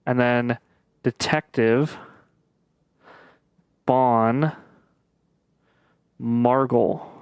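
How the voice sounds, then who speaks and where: A man giving casual let's-play commentary as he plays a puzzle game, thinking aloud with frequent pauses and fillers. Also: medium pitch, clear, resonant tone, no room sound. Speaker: gaming video creator.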